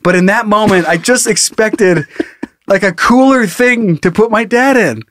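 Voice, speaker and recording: A man co-hosting a podcast, telling a story in casual chat with lots of swearing and animated asides. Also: sits high, measured pace, slight background noise. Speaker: podcast co-host.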